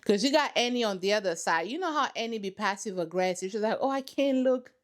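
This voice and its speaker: A woman's voice: medium pitch, lively intonation, fast. A woman hosting a reaction channel, giving sassy, dramatic running commentary on a reality show from her couch at home.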